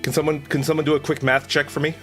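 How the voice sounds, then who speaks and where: A man's voice: on the high side, level tone, quick pace, a bit bright, faint music behind. A man streaming as a VTuber, chatting casually with viewers in a rambling, self-deprecating way and restarting his sentences often. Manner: chats with viewers, reads out their names. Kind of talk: casual live-stream chat.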